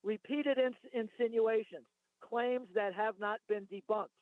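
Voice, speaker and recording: High-voiced male caller on a tinny phone line. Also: fairly even intonation, a little slow, dry recording. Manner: rambling, argumentative, reads from notes. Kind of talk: phoned-in talk radio call.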